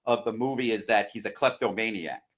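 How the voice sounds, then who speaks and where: A man's voice: lowish voice, fairly quick, fairly bright tone. An American man in a casual film-discussion chat, giving long, rambling explanations. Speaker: podcast co-host or guest.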